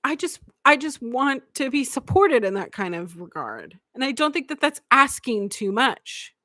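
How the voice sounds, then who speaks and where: A woman's voice: high-pitched, sing-song, moderate pace, bright, forceful tone, no echo, clean studio sound. A woman hosting a live podcast, speaking candidly and emotionally and swearing freely. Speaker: podcast host.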